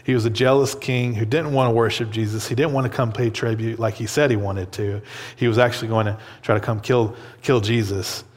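A man's voice: mid-range voice, fairly even intonation, brisk, big-room sound. A man teaching a Bible lesson in a conversational way, often checking in with "okay?" and "right?" and repeating words as he thinks.

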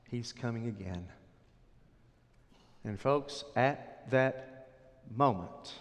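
Male preacher, dramatic storyteller, lively raised pitch, long hall reverb. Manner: dramatic, swinging from loud to hushed. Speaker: pastor. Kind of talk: sermon storytelling.

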